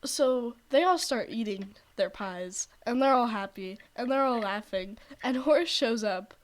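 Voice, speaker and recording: A young woman streamer retells a novel's plot in a slow, meandering way, often stopping to restart her sentences. Her voice sits a little high, and her throat sounds scratchy. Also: animated. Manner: rambling, full of "like" and restarts. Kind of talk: casual storytelling on a stream.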